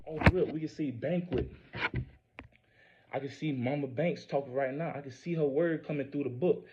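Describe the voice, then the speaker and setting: A man's voice: fairly high pitch, noisy background. A man giving a rambling, preachy religious monologue, repeating himself, swearing and stumbling through scripture readings. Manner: reads scripture aloud haltingly. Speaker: self-posting religious speaker. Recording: dull lo-fi recording.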